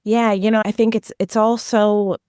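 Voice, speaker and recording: A woman's voice: mid-range voice, flat delivery, moderate pace, darkish tone, clean tone, no echo, clean studio sound. A woman answering interview questions as an education consultant, talking earnestly and animatedly, often acting out the questions a teacher might ask.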